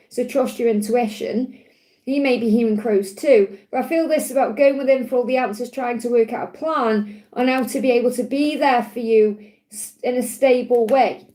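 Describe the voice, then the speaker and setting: A woman with a Stoke-on-Trent accent, giving a gentle, chatty card reading on a live stream and answering viewers. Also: a little high, poor audio. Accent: Stoke-on-Trent English. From England. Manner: gentle, reassuring, chatty with frequent restarts. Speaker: tarot and angel card reader.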